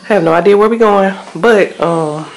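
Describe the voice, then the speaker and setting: A woman's voice: medium pitch, moderate pace, gravelly, a little hiss or hum, poor audio. A woman in her forties, vlogging in a chatty, slangy, casual way while holding a phone camera inside a car. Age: 40s. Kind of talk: casual chat.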